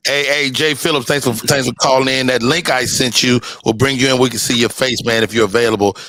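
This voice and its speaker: A man's voice: mid-range voice, steady tone, a little fast, fairly bright tone, dry recording. A man hosting a panel, upbeat and directing who gets to speak. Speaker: host. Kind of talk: moderating a panel talk.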